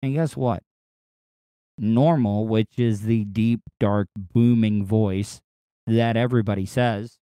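A man hosting his own podcast in a casual solo monologue, with a distinctive voice that is not deep, talking in a rambling, crude, candid way with frequent restarts. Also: steady tone, slow, warm tone, clean tone, no room sound. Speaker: podcast host and radio personality.

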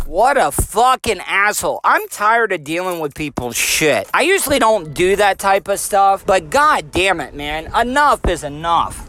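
A man's voice: high voice, bright, forceful tone. A man venting in an agitated, profane rant for a vlog outside a gas station store.

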